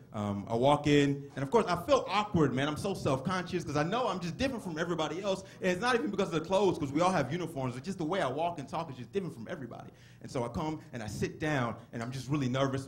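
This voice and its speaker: A young man telling stories in a stand-up comedy set on a club stage, animated and given to drawn-out exclamations. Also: on the high side, slight background noise.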